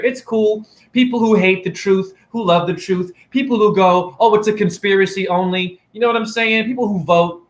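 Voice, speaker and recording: A man's voice: a little high, fairly bright tone. A man live-streaming as a self-styled spiritual teacher to his chat, preachy and taunting, firing off rhetorical questions. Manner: preachy and taunting, keeps asking "right?". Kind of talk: live-stream rant to viewers. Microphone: phone camera.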